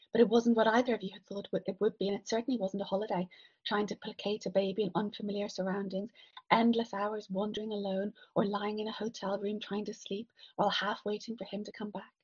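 Woman narrator, literary audiobook, soft measured delivery, breathy husky voice, dull lo-fi sound. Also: medium pitch. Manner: soft, measured, sometimes whispered. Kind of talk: second-person literary narration.

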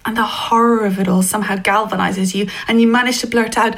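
A woman narrating a story in the second person, in a hushed, intimate way that often sinks toward a whisper. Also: medium pitch, fairly even intonation, brisk, gravelly, few pauses, poor audio.

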